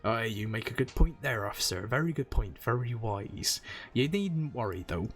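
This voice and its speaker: A man putting on a gruff seafaring tavern keeper. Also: fairly low pitch, a little slow, a bit bright. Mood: sly. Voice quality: exaggerated rough seafaring brogue. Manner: boisterous, folksy, long-winded. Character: gruff middle-aged male harbor tavern keeper.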